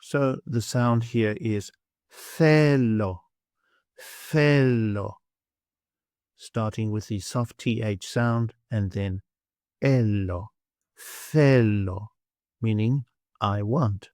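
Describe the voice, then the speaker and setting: Patiently repeating each word syllable by syllable, a Greek-accented man leads slow pronunciation drills in a beginner vocabulary lesson. He speaks in a fairly low, steady, darkish voice, and the clean studio recording has no echo.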